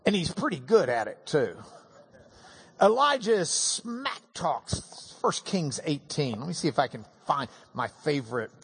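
A pastor preaches at a slow, deliberate pace with a somewhat high voice. He tells the story with humor and emphatic swings, leaning hard on the key lines. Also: big pitch swings, creaky, a little hiss or hum. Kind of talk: sermon.

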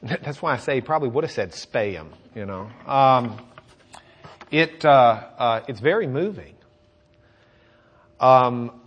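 A man's voice: medium pitch, a bit bright. A man teaching on a psalm, reading verses with rising force and joking between them in a loose, unscripted way. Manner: reads scripture with rising intensity, jokes and laughs between verses. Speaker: Bible teacher. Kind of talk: sermon with scripture reading.

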